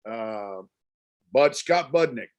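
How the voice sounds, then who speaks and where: A man's voice: medium pitch, animated, takes it slowly. A man interviewing a guest in casual chat, laid-back, mostly giving short replies.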